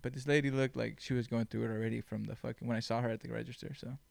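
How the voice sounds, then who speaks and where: A man hosting his own podcast, telling stories in a blunt, animated way with plenty of swearing. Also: mid-range voice, racing, creaky, dry recording. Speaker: podcast host. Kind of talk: casual chat.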